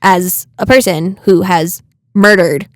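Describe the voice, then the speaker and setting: A young woman co-hosting a podcast, chatting casually and getting indignant in quick bursts. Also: lowish voice, steady tone, no echo, clean studio sound. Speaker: podcast co-host. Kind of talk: casual chat.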